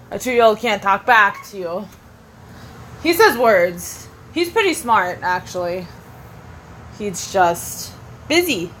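A woman's voice: medium pitch, a bit bright. A woman babysitting while she chats casually on a live stream, rambling, repeating herself and laughing often, recorded indoors at a home.

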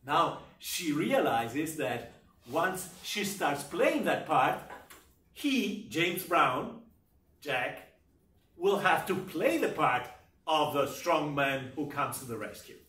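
A male university lecturer with a fairly high voice teaches literature at an unhurried pace, leaning on his key points and often checking in with "okay?" and "right?". He is picked up from across an echoey lecture room, so his voice sounds distant and the room rings around it. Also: big pitch swings, fairly bright tone.

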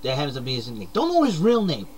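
Young guy, calm low-key outro, fairly high voice. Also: racing, slight background noise. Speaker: video creator.

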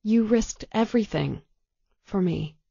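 A woman reading an audiobook voices a female detective, speaking softly and emotionally, close to tears. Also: mid-range voice, a little slow, vocal fry, slightly rough, dry recording, lo-fi sound. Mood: tender. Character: female detective, tender and frightened for her partner.

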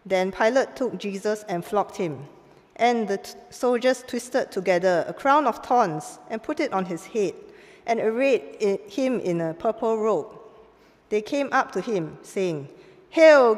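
Woman reading scripture in reverberant church. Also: medium pitch. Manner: measured, clear, lifts voice for quoted speech. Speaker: scripture reader. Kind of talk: formal Bible reading. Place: church sanctuary. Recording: long church hall reverb.

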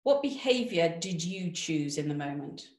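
A woman giving a motivational webinar talk, lively and direct, asking the audience questions. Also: lowish voice, normal speed, echoey room. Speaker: webinar speaker.

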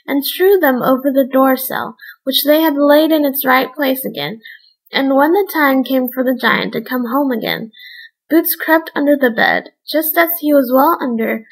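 Woman narrator for a read-aloud fairy tale, high voice with some vocal fry. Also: animated, a bit bright, rough recording. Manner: measured storybook reading. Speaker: storyteller. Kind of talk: read-aloud bedtime story.

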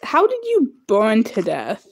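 A woman's voice: fairly high pitch, huge pitch swings, takes it slowly, slight background noise. Woman gaming on stream, jumpy and giggly, voice swoops all over, cusses a lot. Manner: jumpy, laughs easily, swears casually. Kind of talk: casual gaming commentary.

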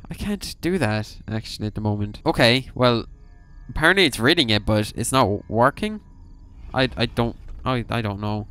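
A young gaming YouTuber plays a horror game on video, reading its text aloud and swearing suddenly when startled. His medium-pitched voice is smooth and a bit bright, with lively intonation at a normal speed.

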